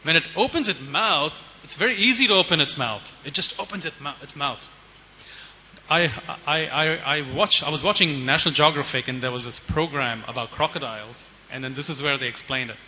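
A man's voice: fairly high pitch, brisk, pushed and bright. A man giving a sermon, telling animal stories in a conversational way and asking the audience rhetorical questions. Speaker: preacher. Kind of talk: sermon with storytelling. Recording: hiss and long hall reverb.

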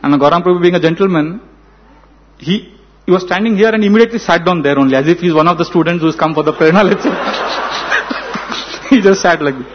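A man with an Indian accent tells a story as part of a spiritual talk, animated and acting out the dialogue. His voice sits high for a man. The recording is dull and lo-fi. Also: a little fast, a little hiss or hum. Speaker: spiritual speaker. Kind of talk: storytelling sermon.

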